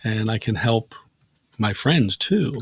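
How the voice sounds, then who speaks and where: A man, an acupuncturist, talking casually on a podcast and telling relaxed stories about his patients. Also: on the low side, takes it slowly, husky, no echo. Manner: relaxed storytelling, acts out patients' quotes.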